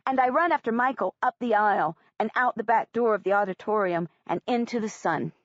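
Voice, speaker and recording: A woman's voice: mid-range voice, fairly quick, no echo. A woman reading a first-person audiobook in a plain, earnest storytelling manner. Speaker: audiobook narrator. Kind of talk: first-person scripted narration. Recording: dry, slightly dull audiobook recording.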